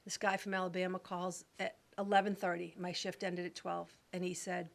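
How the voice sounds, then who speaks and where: A middle-aged woman on a talk show, telling stories in a lively, chatty way. She acts out the people in her anecdotes with different voices, in an easy, conversational manner. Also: lowish voice, fairly quick, gravelly. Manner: animated storyteller who acts out voices. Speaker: guest, real estate agent. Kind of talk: casual interview storytelling.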